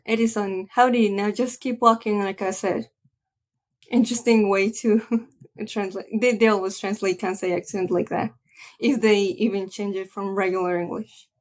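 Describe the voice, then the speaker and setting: A woman reading a comic aloud and chatting about it, with frequent restarts and trailing asides. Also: medium pitch. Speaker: manga reaction creator. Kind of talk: reading a comic aloud with casual reaction commentary.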